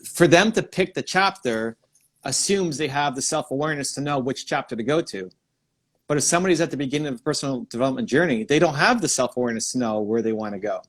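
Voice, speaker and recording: A man hosting a live stream, giving energetic advice and thinking out loud in quick bursts. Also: mid-range voice. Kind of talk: excited live-stream coaching chat.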